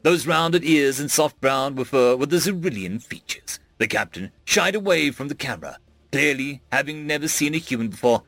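A man narrating a sci-fi audiobook with expressive storytelling. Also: medium pitch, normal speed, few pauses, no room sound, soft background music.

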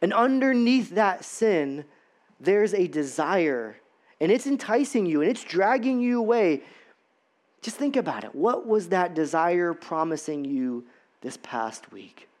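A man preaching a sermon in a church, talking conversationally with many repetitions and rhetorical questions. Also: a little high. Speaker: pastor.

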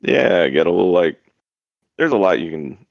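Deep-voiced man in easygoing banter. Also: big pitch swings, normal speed, vocal fry, dry recording, lo-fi sound. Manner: joking, laid-back, trailing restarts. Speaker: player. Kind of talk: casual chat.

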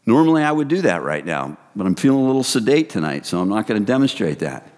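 Lively preacher in an echoing hall. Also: male voice, on the low side, fast. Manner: animated, swings from hushed to loud excited bursts; casual, addresses the crowd as "you guys". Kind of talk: sermon.

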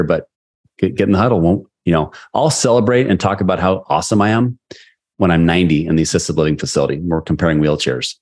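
A man in his forties, a sales leader, telling a personal story in an interview, acting out quotes with lively energy. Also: sits low. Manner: animated, acts out quotes. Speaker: guest, sales leader and coach.

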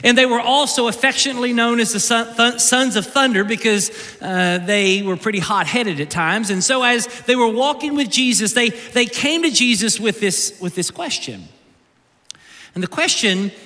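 A male pastor preaching an animated, humorous sermon, often repeating words as he goes. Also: sits high, moderate pace. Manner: animated, joking, repeats words mid-sentence. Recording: long reverb of a large hall.

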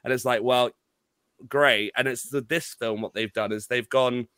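A man's voice: mid-range voice, fairly even intonation, normal speed, a bit bright, clean tone, no room sound. A man on a podcast, rambling and exasperated about a film, swearing often and restarting his sentences. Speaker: podcast co-host. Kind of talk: casual film review chat.

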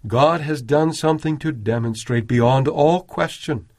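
A man preaching a sermon in an earnest, measured way, raising his voice when he quotes prayers. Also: mid-range voice, a little mellow.

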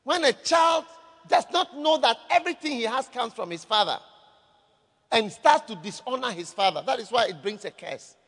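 A man preaches a sermon in a high voice and keeps calling out to his listeners for an answer. His words hang in a long reverb from a large hall. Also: expressive, moderate pace, fairly bright tone, husky. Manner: calls for audience response. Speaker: pastor.

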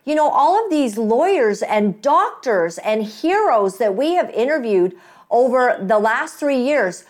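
A woman hosting an interview, speaking gratefully and effusively, with many fillers and restarts. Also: high voice. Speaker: host, interviewer. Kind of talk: casual interview talk.

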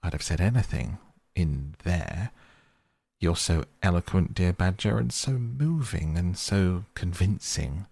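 A man with a gravelly, husky voice voicing a boastful, reckless male toad gentleman in a storybook reading, impatient and emphatic, with high gleeful bursts. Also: lively intonation, unhurried, no echo, heavily acted.

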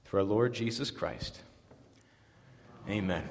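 A male pastor with a mid-pitched voice reads liturgy and scripture with solemn, measured care. His words ring out with the long reverb of a church sanctuary, giving every phrase a lingering tail. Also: noisy background.

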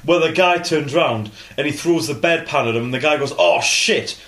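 A man's voice: fairly high pitch, brisk, fairly bright tone. A British man co-hosting a podcast, blunt and crude, swearing freely. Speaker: podcast co-host. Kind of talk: casual chat. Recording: echoey room with faint noise.

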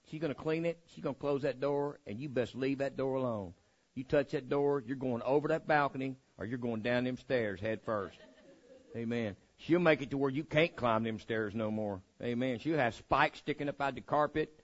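A man's voice: medium pitch, dull audio. A male preacher giving a folksy, humorous sermon in a church, repeating phrases for emphasis. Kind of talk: sermon with storytelling.

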